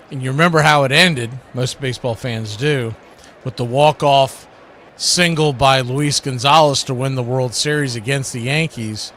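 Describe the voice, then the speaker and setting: A man calling baseball play-by-play on an internet radio stream, trading pitch calls for chatty stories and laughing as he tells them. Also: fairly bright tone, a little hiss or hum. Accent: American. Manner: chatty, laughs while telling anecdotes. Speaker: play-by-play announcer. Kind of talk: play-by-play commentary mixed with storytelling.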